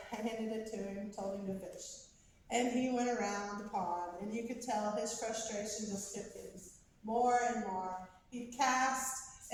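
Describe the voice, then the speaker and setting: Distant echoey woman telling a family story. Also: fairly high pitch. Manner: measured, with slow emphatic pauses, rising into lively excitement at the climax. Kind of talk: prepared personal storytelling speech. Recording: very echoey, distant, faint background noise.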